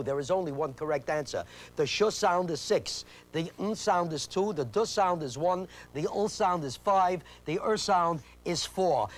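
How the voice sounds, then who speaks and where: On a 1980s VHS instructional tape, a man emphatically leads a memory-training lesson. His slightly high voice rises and falls with lively intonation as he stresses and repeats the rules and quizzes viewers to work out the answers.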